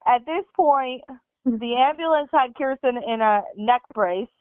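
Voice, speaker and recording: A woman's voice: high-pitched, a little slow, no echo. A young woman rambling through a family story as a guest on a casual podcast. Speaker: guest sister. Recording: tinny phone-like sound, dry.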